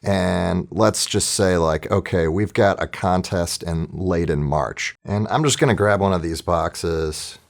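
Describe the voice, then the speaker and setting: A man's voice: deep voice, measured pace, creaky, hardly any pauses. A man teaching orchestra planning in a casual, chatty screen-recorded tutorial, thinking aloud as he works.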